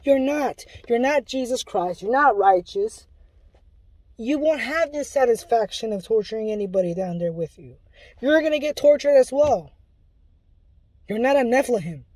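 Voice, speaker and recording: Pleading woman with a mellow voice. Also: fairly high pitch, animated, moderate pace, no echo, poor audio. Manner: pleading and urgent, with frequent restarts. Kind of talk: impassioned religious warning monologue.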